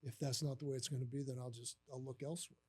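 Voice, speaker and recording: A man's voice: medium pitch, quick pace, husky. A man in his sixties, a guest on a live podcast, telling a long story and acting out the other voices with lots of "you know" and "uh". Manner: animated storyteller who acts out quoted voices with many fillers. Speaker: guest, former baseball catcher.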